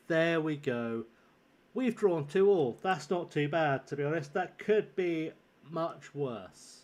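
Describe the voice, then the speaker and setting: A young male streamer talking casually over his game, with a slightly high voice. He rambles, chuckles often and pokes fun at himself. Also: darkish tone. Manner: rambling, chuckling and self-deprecating. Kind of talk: casual gaming livestream chat.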